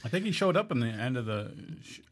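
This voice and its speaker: A man's voice: medium pitch, big pitch swings, quick pace. A man co-hosting a podcast, casually agreeing and chiming in during a TV review. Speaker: podcast co-host. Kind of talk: casual episode review chat.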